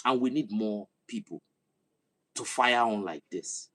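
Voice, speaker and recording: A man from Nigeria with a Nigerian accent, giving a passionate political commentary that swells into loud, emphatic oratory. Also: on the low side, a little slow. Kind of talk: impassioned monologue to camera.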